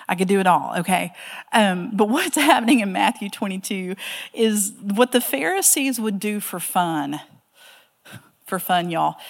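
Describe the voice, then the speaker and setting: A woman teaching a Bible study class in a chatty, animated way with self-deprecating asides. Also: fairly low pitch, creaky, in a large hall.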